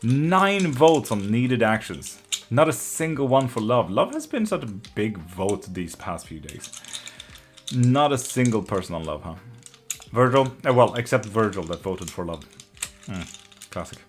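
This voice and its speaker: This tarot live-streamer has a lowish, very animated voice and an unhurried pace, with slight background noise. He reads viewer comments and chats casually, swearing freely, laughing often, and being openly emotional and affectionate.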